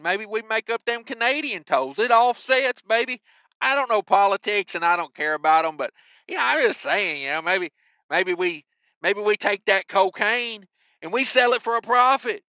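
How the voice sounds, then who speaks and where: High, crisp-voiced wisecracking news host. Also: male voice, pushed and bright, no room sound, lo-fi sound. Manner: wisecracking, mild cussing asides. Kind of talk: reading news with joking commentary.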